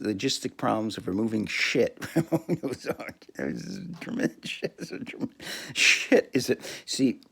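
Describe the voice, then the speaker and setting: A man's voice: on the low side, creaky, fairly bright tone, husky. A man talking alone on his podcast, crude and rambling, often breaking into laughter and restarting his sentences. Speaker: podcast host. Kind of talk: rambling solo monologue.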